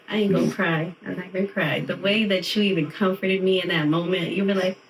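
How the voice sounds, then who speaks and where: A woman's voice: fairly low pitch, moderate pace, slight background noise. A woman in her thirties co-hosting a podcast in casual chat, telling stories with lots of laughter. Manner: animated storytelling, often laughing. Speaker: podcast co-host. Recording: roomy and distant from mic.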